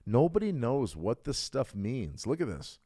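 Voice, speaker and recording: A man's voice: medium pitch, very animated, a little slow, mellow, husky, no room sound, clean studio sound. A middle-aged man hosting a trading livestream, talking bluntly and casually, building to emphatic outbursts. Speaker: trading stream host.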